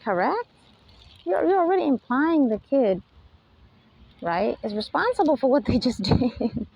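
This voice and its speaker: A woman's voice: sits high, very animated, a little slow, vocal fry, darkish tone, breathy edge, no room sound, lo-fi sound. A woman giving an unscripted spiritual lecture, emphatic and full of rhetorical questions, often laughing between points. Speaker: spiritual talk host.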